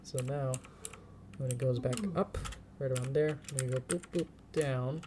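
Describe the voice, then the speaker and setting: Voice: medium pitch, level tone, fast, background noise. A streamer talking casually while animating at a computer, thinking aloud step by step, chanting little counts and laughing often.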